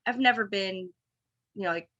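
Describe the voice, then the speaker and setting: A woman in her thirties talks as a podcast guest in a loose, open conversation. Her voice has a bright, forward edge at an ordinary pitch. She rambles and restarts, piles up fillers, and slips into quoting her own past thoughts. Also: normal speed, dull audio. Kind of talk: casual conversation.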